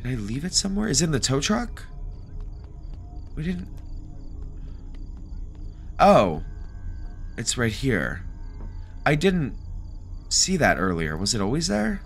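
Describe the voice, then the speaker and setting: A man giving jokey, animated let's play commentary, reacting aloud and talking back to game characters. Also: medium pitch, takes it slowly, gravelly, pauses often, soft background music. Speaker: gaming video creator.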